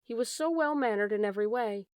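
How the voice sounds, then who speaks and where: A woman narrating a storybook in a calm, measured way. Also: a little high, smooth, dry recording. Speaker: audiobook narrator. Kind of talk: storybook reading.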